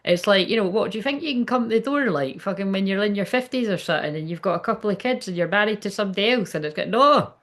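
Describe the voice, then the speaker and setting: A Scottish woman reads tarot on a livestream in a loose, chatty way. She is blunt and swears freely, and her speech is full of fillers and restarts. Her voice sits at a middle pitch. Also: expressive, fast, hardly any pauses, fairly bright tone. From Scotland. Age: adult, ten years online. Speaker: spiritual reader on a livestream. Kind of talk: casual live tarot reading.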